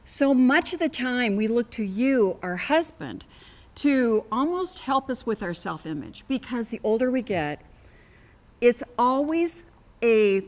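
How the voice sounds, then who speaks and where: A woman's voice: a little high, big pitch swings, measured pace. An older American woman, a marriage coach, giving an earnest teaching talk to couples and acting out phrases with emphasis.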